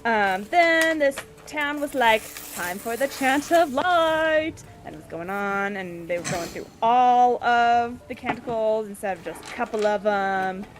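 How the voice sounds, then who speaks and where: A woman's voice: fairly high pitch, a little slow, few pauses, soft background music. A woman casually recapping a tabletop game session, chatty and giggly, briefly acting out the party members' lines. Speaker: player recapping the previous session.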